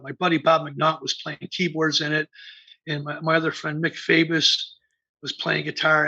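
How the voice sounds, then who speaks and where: A gravelly, husky older man from the American Midwest tells rambling band stories as a guest, stopping and restarting his sentences. His voice sits somewhat high and sounds bright and edgy. The audio is dull and lo-fi. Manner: rambling anecdotes full of fillers and restarts. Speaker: band founder and bassist, interview guest. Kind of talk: casual interview storytelling. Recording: dull lo-fi remote interview audio.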